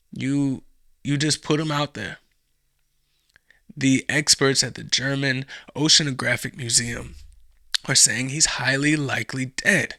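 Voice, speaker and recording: A man's voice: mid-range voice, fairly even intonation, measured pace, long pauses, pushed and bright. A man hosting a podcast, delivering a profane, sarcastic, rambling comedic monologue. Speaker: podcast host.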